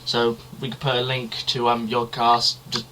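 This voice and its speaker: A man's voice: mid-range voice, completely flat delivery, moderate pace, sharp tone, slight background noise. A young man co-hosting a casual podcast, rambling and chatty, swearing loosely. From Britain. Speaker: podcast co-host. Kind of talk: casual chat.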